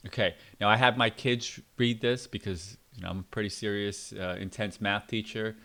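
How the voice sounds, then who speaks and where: A middle-aged man talks through a book review in a casual, unscripted way. His voice sits a little low, and his delivery is blunt and opinionated, with plenty of fillers and side remarks. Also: fairly even intonation, normal speed, gravelly, hardly any pauses, a bit bright. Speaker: book reviewer and parenting channel host.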